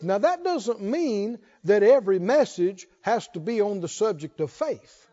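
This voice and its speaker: High-pitched preaching man, dull recording. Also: sing-song, a little slow, hardly any pauses, big-room sound. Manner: call-and-response preaching, rising to shouts. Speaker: pastor. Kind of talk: sermon.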